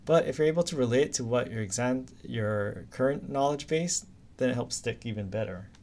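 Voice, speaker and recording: In a recorded anatomy class, an instructor from Hawaii keeps things relaxed and talkative, leaning on goofy memory stories. He speaks at a normal speed in a mid-range, slightly mellow voice.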